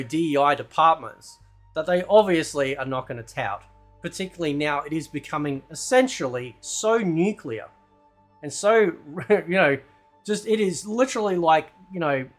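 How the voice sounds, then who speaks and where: A man's voice: fairly high pitch, a bit bright. A man hosting a ranting commentary video, loose and combative, who keeps asking "right?". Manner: loose, rambling delivery with fillers and swearing. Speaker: commentary channel host.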